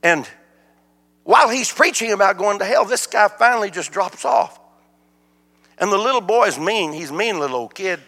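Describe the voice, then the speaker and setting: A man's voice: high-pitched, normal speed, long pauses. An older man, preaching a sermon as a guest speaker, telling folksy stories. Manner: folksy storytelling, animated. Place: church sanctuary. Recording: church hall reverb.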